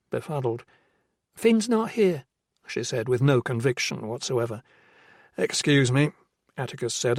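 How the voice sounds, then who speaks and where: A man reads a crime novel as scripted narration, measured and even. His voice sits at a medium pitch. The recording is dry and close, with no room sound. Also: no echo. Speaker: audiobook narrator.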